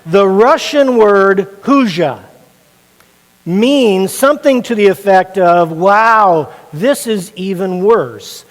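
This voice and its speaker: High-voiced joking male pastor. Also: big-room sound, poor audio. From Indiana. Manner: joking, conversational storyteller. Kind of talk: sermon.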